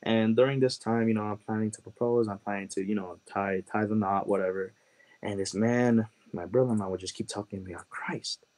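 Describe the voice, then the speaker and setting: A man from Chicago telling his conversion testimony as a guest, earnest and halting, with many "like" and "you know" fillers. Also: lowish voice, steady tone, a little mellow, rough recording. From Chicago, USA. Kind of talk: personal testimony storytelling.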